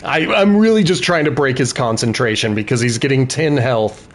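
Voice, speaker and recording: A man's voice: mid-range voice, normal speed. A man giving let's-play commentary, thinking aloud about tactics and cheering on his party members. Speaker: gaming video host.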